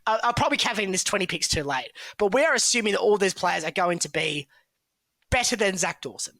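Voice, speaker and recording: Bright-voiced man. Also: sits high, animated, quick pace, vocal fry, no echo. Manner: chatty, analytical, hedging with fillers. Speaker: football draft analyst, co-host. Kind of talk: casual podcast chat.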